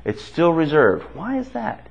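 Bible class teacher, male, animated pitch, slightly husky, dull lo-fi recording, quizzes the room and repeats answers. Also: unhurried. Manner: asks the class questions and repeats their answers; conversational, with restarts.

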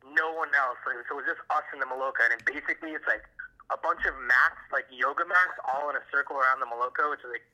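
A man tells his brother a long, winding story over a phone call. His voice is very bright and sharp. He swears freely and leans on fillers as he rambles. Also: mid-range voice, fast. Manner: rambling, profane, heavy fillers. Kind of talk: casual chat.

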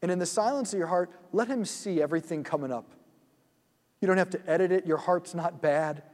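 A man leading a guided prayer meditation in a church hall, speaking gently and soothingly and often dropping to a hush. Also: sits high, a little fast.

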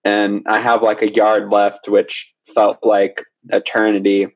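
A young man, a podcast guest, telling a story in a casual, animated way, often laughing. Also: fairly low pitch, unhurried. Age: young adult. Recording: slightly dull lo-fi recording.

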